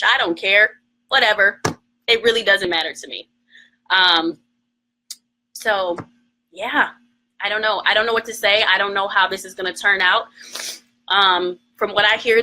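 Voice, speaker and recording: Emotional woman co-host, sharp bright voice, venting defiantly into her phone on a live stream. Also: mid-range voice, rough recording. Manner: heated, emphatic and defiant. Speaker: morning show co-host. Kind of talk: emotional livestream rant.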